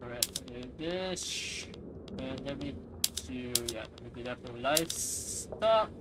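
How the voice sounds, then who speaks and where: A man's voice: mid-range voice, measured pace, heavy background noise. A man streaming a strategy game, chatting casually, swearing and laughing at himself. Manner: laughing, swearing, self-mocking. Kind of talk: casual game livestream chat.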